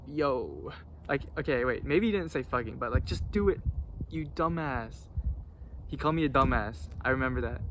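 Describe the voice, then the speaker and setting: A man's voice: mid-range voice, fairly bright tone, slight background noise. A young man telling a story in a casual vlog, slangy and rambling, full of restarts and fillers. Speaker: vlogger.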